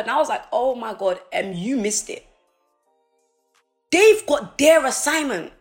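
A woman delivers a live-streamed motivational talk, preachy and pleading by turns. Her voice sits fairly high, and soft music plays faintly behind her. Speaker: motivational speaker. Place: indoors, streaming.

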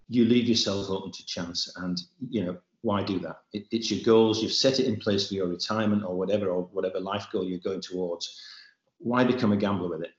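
A man's voice: on the low side, reverberant, highs cut off. A man speaking as an investment adviser in a casual panel discussion, plain-spoken and persuasive.

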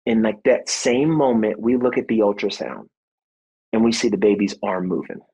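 A man in his thirties, a former football player, telling a personal story in a podcast interview, earnest and animated, acting out what people said. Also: lowish voice, moderate pace, gravelly, slightly rough, rough recording. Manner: faith-centered, reflective. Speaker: guest, former football player and motivational speaker.

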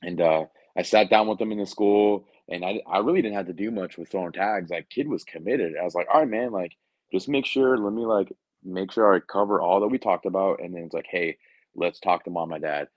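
A man's voice: low-pitched, fairly quick, dry recording, highs cut off. A young man, a Marine recruiter, telling a story casually on a podcast, slangy and blunt with lots of fillers. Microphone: podcast mic.

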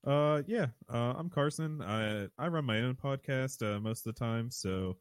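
A man who runs his own podcast, talking as a guest in a relaxed way with frequent uhs. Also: mid-range voice, measured pace, clean tone, no room sound, clean studio sound. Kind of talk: casual podcast chat.

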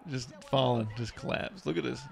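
A man co-hosting a casual podcast, reacting excitedly to fight clips, swearing and laughing often. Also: medium pitch, normal speed, creaky, a crowd in the background. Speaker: podcast co-host.

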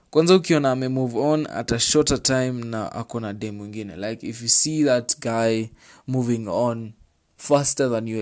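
A man with a Kenyan accent talks through relationship advice in a loose, conversational way. He hammers points home by repeating them and drifts between English and Swahili slang. His voice sits at an ordinary middle pitch. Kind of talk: casual chat reading out viewer advice.

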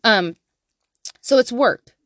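A woman in her thirties, a mother giving frank, profane parenting advice in a candid monologue. She laughs often and swings from quiet asides to loud bursts. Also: fairly high pitch, animated, takes it slowly, no echo, clean studio sound.

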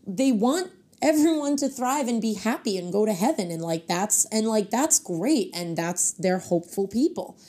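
A woman's voice: mid-range voice, lively intonation, moderate pace, hardly any pauses, dark tone. A young woman from North Carolina, a singer guesting on a podcast and talking frankly and with feeling, with a lot of "like" in her speech. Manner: frank and heartfelt, heavy with filler "like". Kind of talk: candid podcast conversation.

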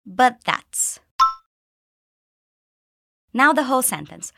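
The clip is a repeat-after-me pronunciation lesson from a woman English teacher. She pronounces each phrase carefully and clearly for students to copy, her voice moving up and down in an animated way, all captured in a dry, close recording without room ambience.

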